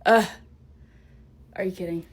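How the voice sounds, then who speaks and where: A woman's voice: medium pitch, steady tone, measured pace, breathy edge. Bubbly chatty young woman vlogger. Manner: bubbly, chatty, self-interrupting. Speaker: artist vlogger. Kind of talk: casual vlog narration.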